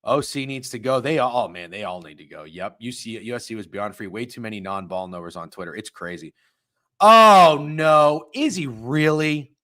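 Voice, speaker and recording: A man's voice: normal speed, pushed and bright. A man hosting a live sports stream, ranting with heavy profanity and sudden heated outbursts while reading chat. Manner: profane, heated ranting with big pitch swings. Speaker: sports betting stream host.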